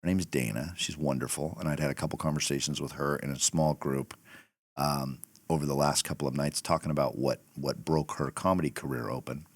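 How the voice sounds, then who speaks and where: A middle-aged man hosting a podcast, telling a story in a casual, animated way and laughing as he goes. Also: extremely low pitch, fairly quick, no echo. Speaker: podcast host.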